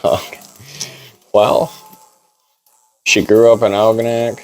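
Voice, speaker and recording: A man's voice: fairly low pitch, level tone, takes it slowly, low-quality recording. A young man casually telling a long story in a barbershop, laid-back and full of "like". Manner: rambling, laid-back, heavy on "like".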